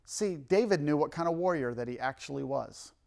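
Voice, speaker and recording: A man's voice: a little high, lively intonation, fairly quick, gravelly, darkish tone. A man pastor giving a sermon, reading scripture emphatically and adding joking asides. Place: church, filmed for a livestream.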